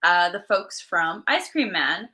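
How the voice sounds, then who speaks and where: A woman's voice: on the low side, lively intonation, measured pace, pushed and bright. A woman co-hosting a comic shop stream, chatting casually and laughing often at herself. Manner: giggly, self-deprecating. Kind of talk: casual chat.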